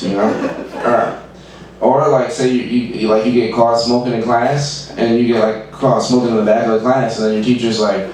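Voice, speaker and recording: A man's voice: mid-range voice, steady tone, fairly quick, a little mellow, recorded from a distance. A man doing a loose, rambling stand-up set at an open mic, stumbling over restarts and chuckling at his own lines. He sounds set back from the microphone in a very echoey club room with a faint hum of ambience. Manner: rambling, laughs at own jokes, many restarts. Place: small comedy club stage.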